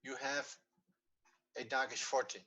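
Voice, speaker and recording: A man's voice: medium pitch, flat delivery, takes it slowly, sharp tone, slightly rough. A man with a Dutch accent teaching Hebrew grammar in an online class, patiently repeating rules and fumbling with the video playback.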